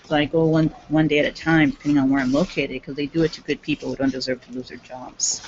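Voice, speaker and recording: A woman talking to camera in a rambling, agitated monologue, jumping from one topic to the next. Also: low-pitched. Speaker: self-described activist. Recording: dull lo-fi recording with clear background noise.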